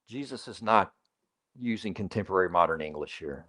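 A man's voice: low-pitched, lively intonation, fairly quick, fairly bright tone. A man preaching a sermon as pastor, in a conversational, emphatic way, putting questions to the congregation and repeating key phrases.

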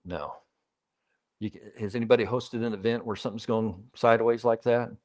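A man's voice: lowish voice, fairly even intonation, moderate pace, darkish tone. A man preaching a sermon as pastor, in a conversational, emphatic way, putting questions to the congregation and repeating key phrases.

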